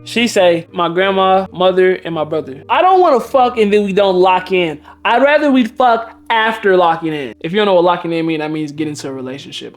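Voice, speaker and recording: Profane storytelling man from Milwaukee. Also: high voice. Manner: casual, animated, profane storytelling with acted quotes. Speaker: dating coach. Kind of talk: storytelling vlog.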